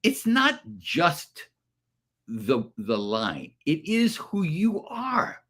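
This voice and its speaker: Older man, animated profane storyteller. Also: a little high, very slow. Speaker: actor guest. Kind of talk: casual chat. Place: radio studio or remote call.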